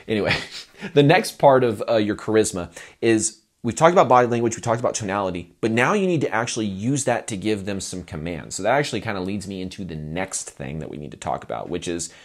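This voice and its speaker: Guy teaching stage confidence, lowish voice but swings all over, jokey and animated. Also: quick pace. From Oklahoma, USA. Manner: animated, acts out crowd scenes, playful. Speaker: performance coach. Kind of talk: instructional talk to camera.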